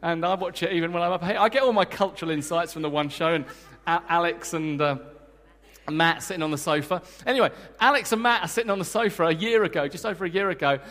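A man preaching a sermon to a congregation, energetic and emphatic, joking with the crowd between points. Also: on the high side, quick pace. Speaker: guest preacher. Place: church hall. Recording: long church hall reverb.

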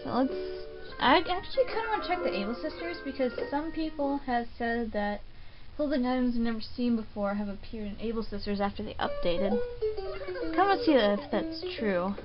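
A woman hosting a casual game commentary, chatting in a relaxed way with plenty of "um" and "like". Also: a little high, a little fast, highs cut off. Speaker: gaming channel host. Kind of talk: casual Let's Play commentary. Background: game music.

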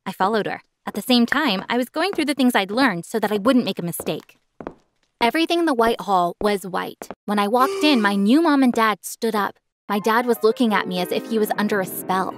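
A woman narrating an animated first-person story in a clear, expressive scripted voice. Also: medium pitch, brisk, soft background music.

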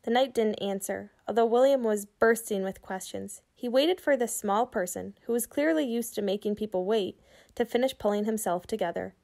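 A woman reading a children's book aloud, pausing to ask her young listeners questions about the story. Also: mid-range voice, creaky, darkish tone. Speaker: reader for children.

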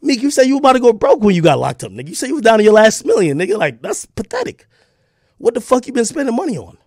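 A man streaming an angry, profane rant, confrontational and breaking into shouts. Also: very high-pitched, huge pitch swings, fast talker, no echo, clean studio sound.

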